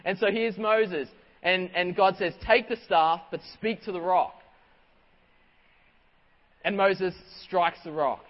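A man preaching a sermon as pastor, animated and conversational, often restarting his sentences. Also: high voice, slow, long pauses. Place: church hall. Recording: dull audio with long hall reverb.

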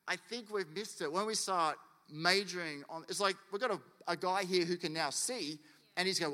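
Animated pastor in a reverberant hall. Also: male voice, high-pitched, normal speed. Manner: animated, acts out quotes and anecdotes. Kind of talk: sermon. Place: church hall. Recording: long church hall reverb.

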